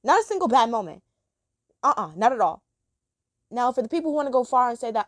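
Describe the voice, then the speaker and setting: A woman's voice: a little high, big pitch swings, fast, pauses often, no room sound, clean studio sound. A woman reviewing a cartoon episode in a chatty, rambling monologue, gushing about the characters.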